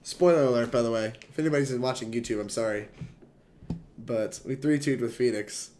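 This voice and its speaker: A man's voice: medium pitch, a little fast, darkish tone, a little hiss or hum. A young man streaming a card game, chatting and rambling to his chat in a casual, laughing way. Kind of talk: casual gameplay commentary to chat.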